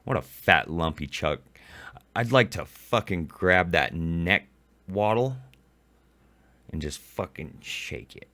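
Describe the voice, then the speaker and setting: A man's voice: sits low, animated, takes it slowly, pauses often, sharp tone, no room sound. An adult man ranting angrily in a profane reaction commentary, recorded close on a mic. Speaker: commentary YouTuber.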